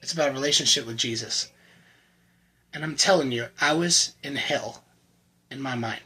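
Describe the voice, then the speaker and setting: A man giving an earnest, emotional personal faith testimony to the camera, often halting and repeating words. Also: medium pitch, pushed and bright, breathy edge, low-quality recording. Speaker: channel host sharing his recovery testimony.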